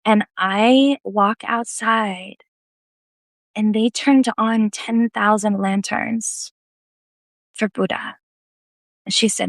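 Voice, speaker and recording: Woman, casual live-video storyteller, lively and self-deprecating, dry close sound. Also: mid-range voice, takes it slowly, vocal fry, dry recording. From United States. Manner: animated, laughing, self-deprecating.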